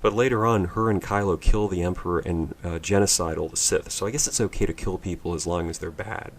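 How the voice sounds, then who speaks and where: Deep-voiced sarcastic man reviewing a movie. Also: a little fast. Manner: mocking, mimics characters in silly voices; rambling, offhand.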